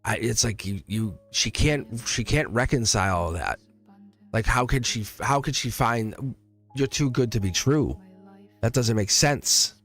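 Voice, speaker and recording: A man's voice: mid-range voice, a little slow, fairly bright tone, faint music behind. A man giving a casual live-stream tarot reading. He talks in a chatty, emphatic, reassuring way and laughs often between phrases.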